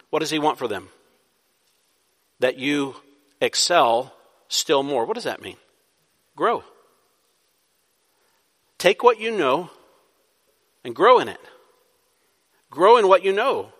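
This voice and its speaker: A man's voice: on the high side, lively intonation, a little slow, pauses often, pushed and bright. A man, a pastor, preaching a sermon, asking rhetorical questions and building to emphatic bursts. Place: church sanctuary. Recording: long hall reverb.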